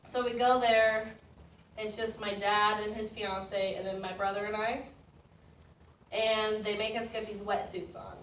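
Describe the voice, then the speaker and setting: A young woman telling a personal story in a casual, animated way, laughing and getting louder as it builds. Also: mid-range voice, measured pace, slight background noise. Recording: roomy distant mic with faint ambience.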